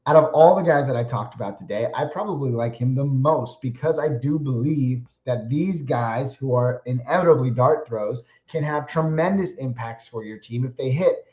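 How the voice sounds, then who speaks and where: A man's voice: medium pitch, darkish tone. A man hosting his own podcast, giving opinionated, casual football analysis and often correcting himself. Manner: casual, opinionated, self-correcting with small laughs. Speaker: podcast host. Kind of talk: solo fantasy football analysis. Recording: echoey room, dull lo-fi sound.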